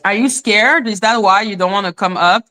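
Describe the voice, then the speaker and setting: Sharp-toned woman ranting on a livestream. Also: medium pitch, moderate pace. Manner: blunt, profane, taunting. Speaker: livestream host. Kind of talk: confrontational live-stream rant.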